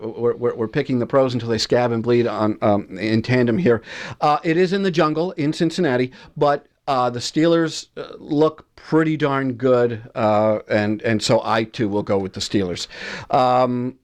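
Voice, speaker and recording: A man anchoring a casual football picks segment, chatty and jokey, often stumbling over his words. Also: medium pitch. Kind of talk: casual sports picks chat.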